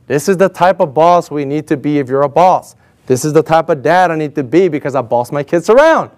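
A man's voice: on the high side, animated, brisk, darkish tone. A man preaching a sermon with energy and emphasis, firing rhetorical questions and calling for responses from the congregation.

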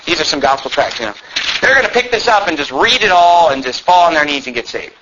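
A man's voice: a little high, animated, quick pace, muffled recording, noisy background. A man preaching a fiery sermon as a pastor, emphatic and sarcastic, sometimes reading text aloud in put-on voices. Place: church.

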